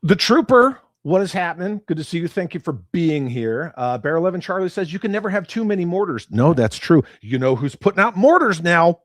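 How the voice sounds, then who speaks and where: A livestream host reads viewer comments aloud and reacts bluntly with plenty of swearing, his voice lurching between loud outbursts and muttered asides. He sounds a little high and sing-song, talking at a moderate pace with few pauses, in clean studio sound with no room echo.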